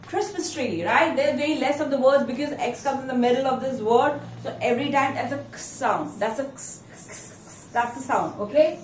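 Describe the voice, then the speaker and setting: A woman's voice: sits high, a little hiss or hum. A woman with an Indian English accent teaching phonics in a classroom, drawing out each letter sound and prompting the class to repeat. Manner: slow, drawn-out sound demonstrations with call-and-response prompts. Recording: echoey classroom, mic far off. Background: children repeating in chorus.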